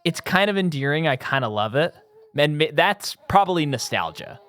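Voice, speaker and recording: A man's voice: a little high, sing-song, moderate pace, a bit bright. A man co-hosting a podcast in casual movie chat, rambling with many ums and easy laughs. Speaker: podcast co-host.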